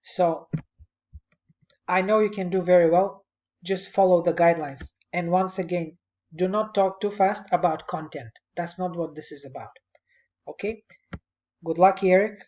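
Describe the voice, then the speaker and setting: A man's voice: sits high, steady tone, a little slow, long pauses, a little mellow, lo-fi sound. A male instructor giving conversational, encouraging spoken feedback to a student on a presentation, speaking at his computer.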